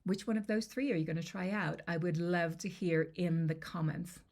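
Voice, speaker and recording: Gravelly low-voiced woman confidence coach. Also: fairly even intonation, normal speed, darkish tone. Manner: conversational, checks in with "okay?". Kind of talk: coaching lesson to camera.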